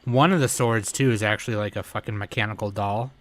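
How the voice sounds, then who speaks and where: A man's voice: on the low side, fairly even intonation, fast talker, a bit bright. A young man co-hosting a podcast in casual chat, laid-back and using casual slang. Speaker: podcast co-host.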